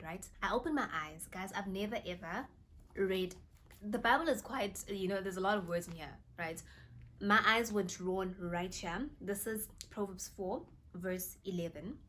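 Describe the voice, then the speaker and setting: A young woman talks casually to her viewers from her bedroom, animated and exclaiming one moment and dropping to an awed hush the next. She reads scripture aloud in a mid-pitched voice. Faint room noise sits under her voice. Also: normal speed. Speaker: faith vlogger. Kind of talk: casual faith vlog storytelling.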